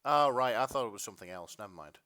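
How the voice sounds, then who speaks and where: Bloke co-hosting, rambly and sarcastic, voice swings up and down a lot. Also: male voice, mid-range voice, expressive, fast, pushed and bright. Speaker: podcast co-host. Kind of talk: casual chat.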